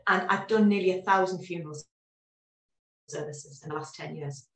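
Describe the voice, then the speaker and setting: Woman in her forties, animated storyteller, video call guest, echoey room, a bit far from the mic. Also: lowish voice, moderate pace. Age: 40s. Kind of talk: casual interview chat.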